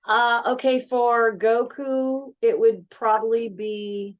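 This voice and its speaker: A woman's voice: a little high, takes it slowly. A woman, chatting as a voice-actress guest in an interview. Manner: chatty, animated storyteller. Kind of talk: casual interview chat.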